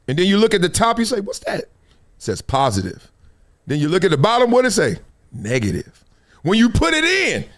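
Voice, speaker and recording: A man's voice: sits high, fairly bright tone. A man hosting a live sports talk show, telling stories in a preachy, playful way, acting out quotes and laughing often. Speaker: host.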